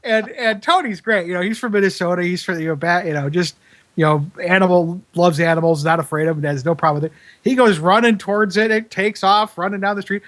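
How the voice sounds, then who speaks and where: A man with a somewhat high voice tells a story in a casual, rambling way. He fills his talk with fillers and restarts and laughs at his own tale as he goes. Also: fast, fairly bright tone. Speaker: broadcast engineer guest.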